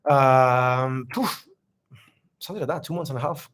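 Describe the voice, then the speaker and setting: A man's voice: mid-range voice, a little slow, noisy background. Chatty man answering viewer questions. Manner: rambling, loose, heavy on "uh" and "like" fillers; friendly, upbeat, laughs easily. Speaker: travel vlogger. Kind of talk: casual live Q&A chat.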